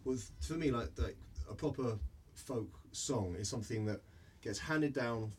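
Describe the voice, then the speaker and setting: A man's voice: mid-range voice, moderate pace, darkish tone, a little hiss or hum. An Irish man co-hosting a casual chat, hesitant and often restarting his thoughts.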